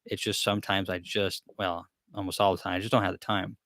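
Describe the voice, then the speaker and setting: Man, live-stream host, rambling and easygoing, lowish voice, dry close sound. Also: level tone, a little fast, fairly bright tone, dry recording. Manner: rambling, easygoing, self-deprecating. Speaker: beekeeping channel host.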